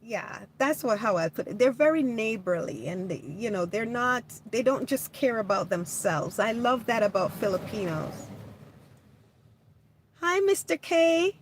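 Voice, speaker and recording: Casting: woman, livestream host, gentle and slow-paced, slightly high voice, faint noise behind. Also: very animated. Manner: gentle, warm-hearted, hesitant with restarts. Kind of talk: casual livestream chat reading comments.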